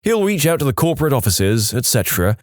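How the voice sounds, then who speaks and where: A man reads out online stories with a wry, sarcastic edge, his pitch swinging lively up and down. His voice sits at a middling pitch, and the recording is dry and close, with no room sound. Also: fast, dry recording. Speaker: story narrator. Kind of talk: scripted narration of online stories.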